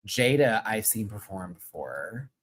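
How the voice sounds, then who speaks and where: A man hosting his own channel, chatting casually through a recap of a live show, slangy and gushing, with sudden high excited exclamations. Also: a little slow, breathy edge. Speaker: channel host.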